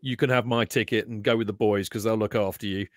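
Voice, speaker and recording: A man co-hosting a football podcast in casual chat, chatty with quick jokey asides. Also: fairly low pitch, fairly even intonation, dry recording, studio quality. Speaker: podcast co-host.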